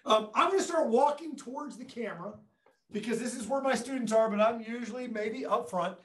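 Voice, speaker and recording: A fairly high-voiced man gives a lively webinar demonstration from his classroom, cracking jokes and addressing the audience directly. His voice is picked up by conference microphones across the room, so it carries an echoey, roomy sound. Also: a little fast. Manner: enthusiastic, joking, talks to viewers directly. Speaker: education technology presenter. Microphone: room conference microphones at a distance.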